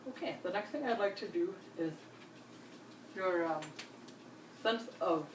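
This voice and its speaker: At a measured pace, a woman with a fairly low voice, working as a nurse examiner, calmly guides a patient step by step through a clinical demonstration and reassures them often. A distant mic picks her up in a roomy space with faint hiss.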